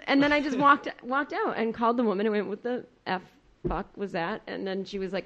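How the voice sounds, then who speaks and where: Woman comic guest, chatty and animated, acts out the people in her stories. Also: mid-range voice, a little fast, highs cut off. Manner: animated storyteller who acts out the people she quotes. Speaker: comedian guest. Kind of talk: casual podcast storytelling.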